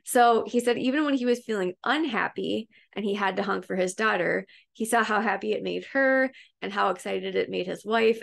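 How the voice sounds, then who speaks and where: A woman who hosts a self-help group talks casually to her viewers. She wanders through a story she has read, restarting her sentences and filling pauses as she goes. Her mid-range voice carries a noticeable gravelly vocal fry. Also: medium pitch. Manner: chatty and meandering, with fillers and restarts. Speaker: self-help coach and host. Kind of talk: casual retelling of a book story to an online group.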